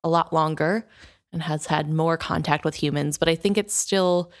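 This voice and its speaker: A woman's voice: sits low, steady tone, moderate pace. A woman in a casual book discussion, thoughtfully explaining a character's motives.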